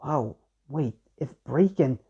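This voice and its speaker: A man's voice: medium pitch, animated, slow, creaky, mellow, husky, heavily acted. A man voicing a weary celestial woman ruler who gives orders in an offhand, commanding way, on a dull lo-fi recording.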